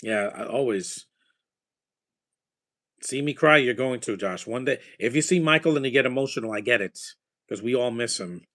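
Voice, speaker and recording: A man's voice: medium pitch, normal speed, long pauses, a bit bright. A man chatting casually while watching a movie, rambling with enthusiasm about films and their scores. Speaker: movie watcher giving reactions.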